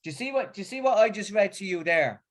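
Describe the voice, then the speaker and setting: A middle-aged man with a Northern English accent talks about faith in a voice that sits a little high. His speech is halting and full of repeats and fillers, as he shifts from reading a prepared talk to casual chat. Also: animated. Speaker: religious speaker.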